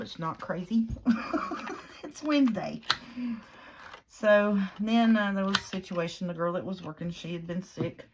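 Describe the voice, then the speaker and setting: A woman's voice: fairly low pitch, background noise. A middle-aged woman telling a long, rambling story in casual chat while crafting, with lots of fillers. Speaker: craft vlogger.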